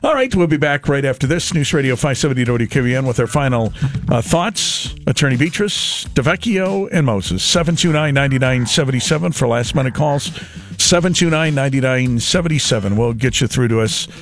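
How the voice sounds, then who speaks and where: A man's voice: mid-range voice, animated, moderate pace. A man hosting a radio talk show, chatting casually and teasing his guests. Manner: teasing, rambling, laughs often.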